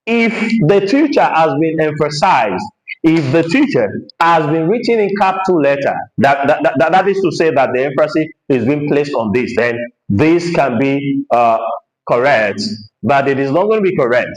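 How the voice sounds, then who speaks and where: A man teaching an English lesson, explaining his points slowly and repeating phrases with heavy stress to show emphasis. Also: fairly high pitch, lively intonation, echoey room, rough recording.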